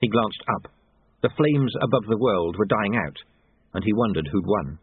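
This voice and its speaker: Husky man reading a story, tinny sound. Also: lowish voice, normal speed, dry recording. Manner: expressive storytelling. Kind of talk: audiobook narration. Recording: tinny phone-like band, dry.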